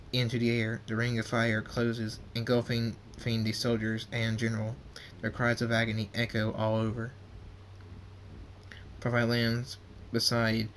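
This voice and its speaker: A man of middling pitch reads a homemade story aloud, stumbling and restarting over words. His voice is plain, with a faint hiss beneath it. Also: a bit bright. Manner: halting, with restarts and slips. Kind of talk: reading homemade fan fiction aloud.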